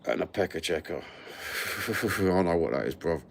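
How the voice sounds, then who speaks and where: Male livestream host, London accent, low voice, casual sweary banter to viewers over a phone mic. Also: expressive, moderate pace, vocal fry, background noise. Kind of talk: casual chat with live viewers.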